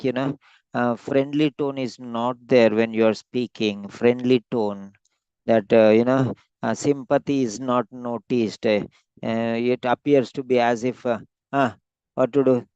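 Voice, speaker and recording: A man's voice: mid-range voice, darkish tone, clear, resonant tone, dry recording, muffled recording. Rambling male speaking coach. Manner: rambling, many fillers and restarts. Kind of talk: spoken feedback on a practice exam.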